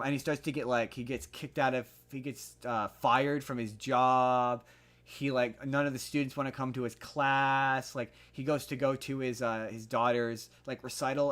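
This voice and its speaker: A man's voice: mid-range voice, a bit bright. Rambling, heated young man on a podcast. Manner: rambling, heated, frequent restarts and fillers. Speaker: podcast co-host. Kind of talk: casual movie review chat.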